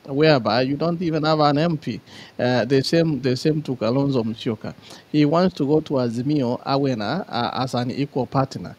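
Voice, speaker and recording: A man giving deliberate political commentary over a remote call, switching between Swahili and English. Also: mid-range voice, a little mellow. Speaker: guest commentator.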